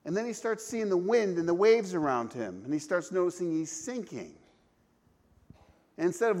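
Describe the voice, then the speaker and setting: A man's voice: sits high, expressive, moderate pace, a little mellow. A man preaching a sermon, emphatic, asking rhetorical questions and restarting his phrases often. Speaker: pastor.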